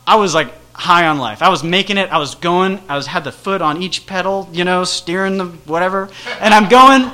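Bright-voiced man telling a rambling story. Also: high-pitched, normal speed, few pauses. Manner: rambling, self-deprecating, animated. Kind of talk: casual personal storytelling.

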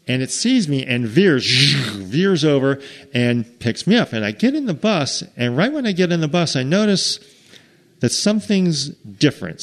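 A man with an American accent telling a casual travel story, rambling with restarts and acting out what people said. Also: mid-range voice. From United States. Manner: animated, rambling with restarts, acts out quotes.

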